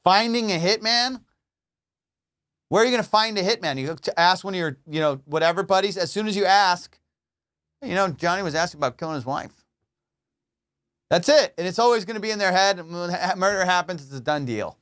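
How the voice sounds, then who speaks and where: A man's voice: high-pitched, animated, brisk, a bit bright, clean tone. A man hosting a comedy podcast, riffing in a rambling, profane monologue from his studio. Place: home studio.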